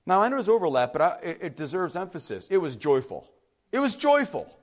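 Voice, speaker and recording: Animated high-voiced man preaching. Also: fast. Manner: emphatic preaching, rising and dropping sharply; acts out skeptics in hushed asides. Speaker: pastor. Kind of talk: sermon.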